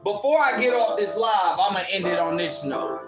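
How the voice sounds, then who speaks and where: Man streaming a fiery, profane rant with a high voice, an echoey room and a beat under him. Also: lively intonation, moderate pace, over music. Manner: fiery, preachy, profane and confrontational. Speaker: livestream commentator. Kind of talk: impassioned live rant. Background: instrumental beat playing.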